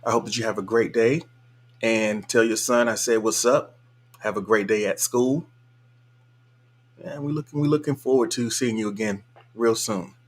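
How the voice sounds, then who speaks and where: A man's voice: fairly low pitch, steady tone, moderate pace, long pauses. A man hosting a casual live stream, reading viewer comments aloud in a laid-back, colloquial way and chuckling often. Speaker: livestream host.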